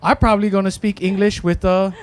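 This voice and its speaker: A man's voice: high-pitched, steady tone, brisk. A man, preaching a casual sermon in a church, thinking aloud with restarts and a frequent "right?". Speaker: pastor. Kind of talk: conversational sermon. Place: church in Hawaii.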